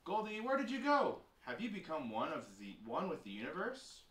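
A man voicing an excited, bossy little girl who talks in high, animated squeals. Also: normal speed, echoey room, recorded from a distance.

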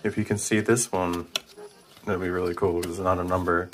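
A man who builds and sells spirit boxes. He talks in a casual, rambling way, with many restarts and excited laughs. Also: low-pitched, a little fast, slight background noise. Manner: casual and rambling, often hesitant. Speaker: paranormal investigator and spirit box maker. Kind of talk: casual vlog with a spirit box session. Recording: music playing loud in the background.

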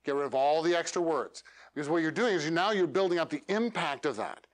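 This is a workshop coaching talk in a meetup room, where a man teaches the audience how to deliver elevator pitches. He's animated, acting out lines and leaning on dramatic pauses.

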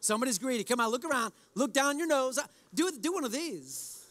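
A man's voice: very high-pitched, expressive, brisk, fairly bright tone. A man preaching a sermon as pastor in a church service, exhorting in a conversational way and addressing the congregation directly.

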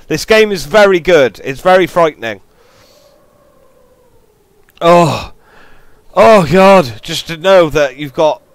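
A gaming host talks through a scary game, his voice swinging widely from low mutters to high yelps. His delivery is slow and drawn out, breaking into swearing when startled. Faint noise sits behind the recording. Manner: jittery, swearing, frightened outbursts and mutters. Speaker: gaming YouTuber. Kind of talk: horror game let's play commentary.

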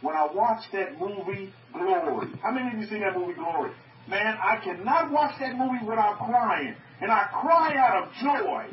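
A man's voice: high voice, expressive, moderate pace, noisy background. A man preaching to an online group, emphatic, repeating his phrases and asking his listeners questions. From North America. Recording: muffled, echoey, from far off.

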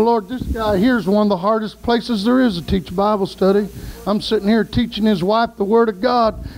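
Man preaching, high-pitched voice, folksy storytelling, shouts of praise. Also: vocal fry, poor audio. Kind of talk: sermon.

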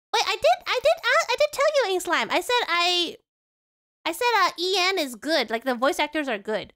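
Excitable woman game streamer, very high, lively delivery. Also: normal speed. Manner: chatty, rambling, excitable. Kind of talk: casual game commentary.

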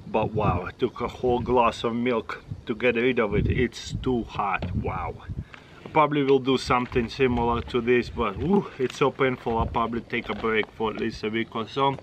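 A man's voice: mid-range voice, normal speed, a little hiss or hum, poor audio. A middle-aged man with a Russian accent, a native Russian speaker, hosting a casual taste-test vlog and chatting in short, exclaiming phrases. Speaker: channel host.

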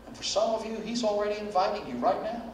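High-voiced preacher in an echoey hall. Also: male voice, expressive, fast, a little hiss or hum. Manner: dramatic, acts out quoted prayers and dialogue. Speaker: pastor. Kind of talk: sermon. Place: church sanctuary. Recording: very echoey church hall, voice from far off.

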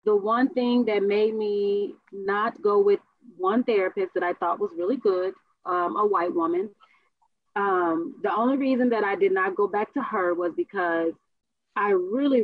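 A woman co-hosting a casual talk show, telling stories with animated asides and voice impressions. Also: medium pitch, dry recording. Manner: animated storyteller, mimics voices. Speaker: co-host. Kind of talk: casual chat. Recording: tinny phone-like sound.

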